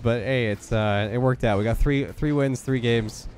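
A young man with a stuffed-up, nasal voice, giving quick, focused play-by-play commentary on his own game. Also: medium pitch, a little mellow, a little hiss or hum. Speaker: gaming YouTuber. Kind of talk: live gameplay commentary.

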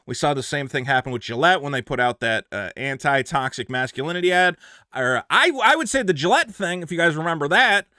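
Casting: a man as a sarcastic YouTube commentator, bright, crisp voice. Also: a little high, dry recording, studio quality. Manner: sarcastic, emphatic, animated. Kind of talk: opinionated commentary.

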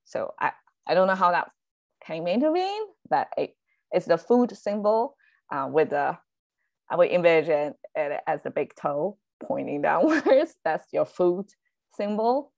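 In a casual online language lesson, a Chinese teacher whose first language is Chinese explains her slides in a low, sing-song voice with vocal fry, unhurried and a little mellow, with no echo. She's chatty, laughs often and corrects herself.

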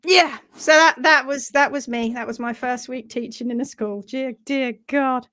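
A woman telling a funny story on a live stream, animated and self-mocking, laughing often. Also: on the high side, normal speed. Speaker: host of a live horse-care session.

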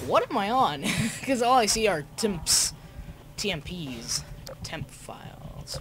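A young man commenting casually on his own gameplay, excitable and laughing, muttering asides between outbursts. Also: high voice, slow, heavy background noise. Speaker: gamer. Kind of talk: casual let's-play commentary.

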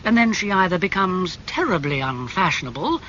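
Man voicing a worldly older gentleman, calm, cynical, slow, lively pitch. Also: muffled recording, a little hiss or hum, heavily acted. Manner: slow, smooth and soothing.

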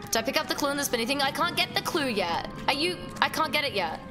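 Woman streamer, lively up-and-down voice, excitable, swears, chats with viewers, game music behind. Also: high voice, fast. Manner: excitable, swears a lot, talks to chat. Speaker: livestreamer. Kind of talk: casual gameplay livestream chat.

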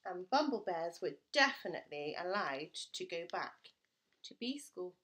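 A woman teacher reading a children's storybook aloud to her class, with expressive, playful storytelling. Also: fairly low pitch, measured pace.

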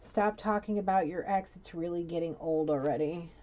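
A woman's voice: on the low side, normal speed, dull audio, background noise. A woman giving a rambling, blunt psychic reading in a casual, chatty way. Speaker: psychic tarot reader.

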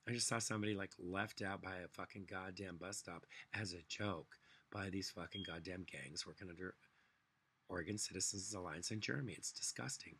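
A man rants alone to his camera, swearing freely and dripping with sarcasm. His voice sits low and husky, with a tense, forceful edge. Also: a little fast. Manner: angry, profane, sarcastic ranting. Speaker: vlogger. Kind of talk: solo political rant.

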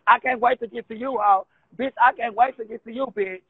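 A woman's voice: on the high side, fairly even intonation, fairly quick, husky, no room sound. A woman on a call, taunting, confrontational and profane. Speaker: caller. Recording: tinny phone line.

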